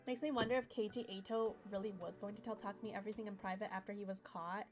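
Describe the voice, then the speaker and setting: A woman's voice: mid-range voice, quick pace, faint music behind. A young woman streamer giving casual, emotional commentary while playing a video game. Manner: emotional, animated reactions.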